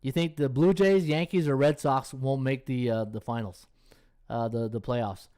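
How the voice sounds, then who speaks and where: A man's voice: medium pitch, normal speed, mellow, clean tone. A man hosting a sports betting podcast, rambling casually as he thinks aloud, checks schedules on screen and talks to his chat viewers. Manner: many fillers and restarts, checks schedules on screen. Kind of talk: casual live-stream chat.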